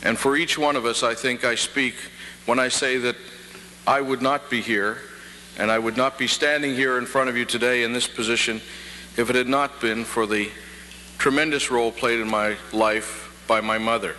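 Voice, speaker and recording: A middle-aged man gives a formal convocation address, with measured pacing and touches of dry wit. His voice is bright and clear. It is a 1990 archive recording with a long hall echo and a faint hum underneath. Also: medium pitch, fairly even intonation. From Prince Edward Island, Canada. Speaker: convocation speaker. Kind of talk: formal ceremonial address with jokes. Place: large hall.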